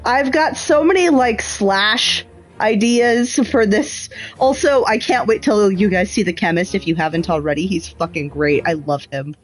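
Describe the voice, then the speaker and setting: A woman's voice: mid-range voice, normal speed, soft background music. A woman livestreaming a puzzle game, thinking aloud in a chatty way and swearing freely. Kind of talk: casual gameplay commentary.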